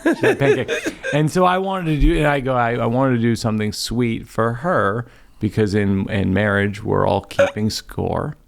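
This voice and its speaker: A man hosting a podcast, a comedian working out a stand-up bit in conversation with a wry, deadpan delivery. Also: medium pitch, moderate pace, gravelly.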